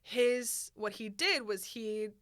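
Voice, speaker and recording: Animated woman, chatty podcast co-host. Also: a little high, dry recording, clean studio sound. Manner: animated, rambling, quick bursts with laughs. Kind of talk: casual chat about a film.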